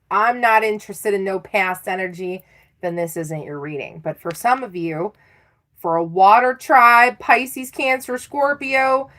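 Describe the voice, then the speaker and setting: A woman's voice: mid-range voice, a bit bright. A middle-aged woman giving a live tarot reading in a chatty, self-teasing way, laughing often. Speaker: tarot reader.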